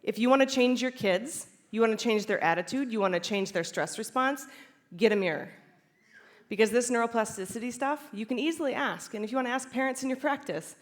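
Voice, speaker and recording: Animated woman giving a conference talk. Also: fairly high pitch, fairly quick. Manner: animated, laughs often, acts out inner voices. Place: conference stage before a live audience.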